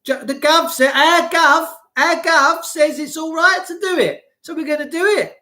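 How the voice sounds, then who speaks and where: A man's voice: extremely high pitch, normal speed, bright, forceful tone, voice pushed up. A man mimicking callous male police officers who casually follow orders. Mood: mocking. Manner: offhand, mocking.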